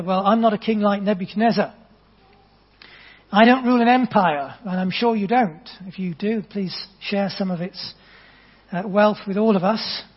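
Male preacher, earnest and conversational, high-pitched, long church-hall reverb, dull sound. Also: slightly rough. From England. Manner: earnest, storytelling, conversational with gentle asides. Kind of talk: sermon.

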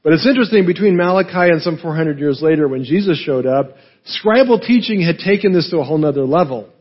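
Husky guy preaching, kinda high voice, keeps saying right?, dull lo-fi sound. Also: expressive, fast. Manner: explanatory, frequent "right?" and fillers. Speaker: pastor. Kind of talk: sermon teaching.

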